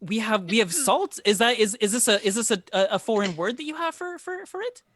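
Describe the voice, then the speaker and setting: Game master doing a fifties baker woman, high and flustered, stammering, over-apologetic, tabletop game voice. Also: lively intonation, brisk, a bit bright, no echo, studio quality. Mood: fussing.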